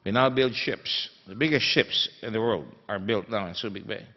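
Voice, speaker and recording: Male guest speaker, low-pitched, telling his stories with punch; recorded in a long-reverb hall on a muffled line. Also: moderate pace. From Philippines. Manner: storytelling, emphatic, many fillers. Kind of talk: anecdotal conference speech. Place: conference hall. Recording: dull sound in a reverberant hall.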